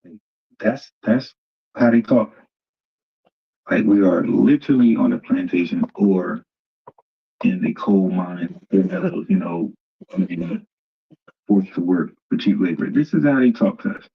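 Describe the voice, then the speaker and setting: Livestream host: a man with a deep, husky voice who gives mocking, casual commentary to his viewers, on slightly muffled audio. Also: measured pace, long pauses. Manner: mocking, talks straight to viewers as "family". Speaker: livestream host reacting to a debate clip.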